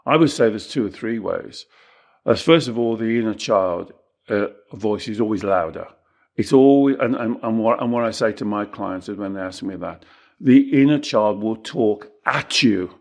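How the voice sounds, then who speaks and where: A man teaching and coaching in a calm conversation, measured and reassuring, repeating phrases for emphasis. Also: mid-range voice.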